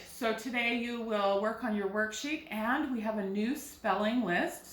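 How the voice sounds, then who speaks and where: A first grade teacher, a woman, talking young children through a recorded phonics lesson with slow, clear explanations. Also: a little high, fairly bright tone, echoey room, slight background noise.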